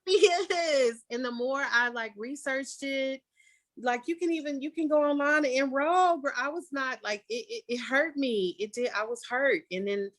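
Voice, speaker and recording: A woman's voice: sits high, normal speed, no room sound. Woman artist hosting a podcast, candid and emphatic, recorded dry and close. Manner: candid, emphatic, swings into animated quoted outbursts. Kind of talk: casual conversation.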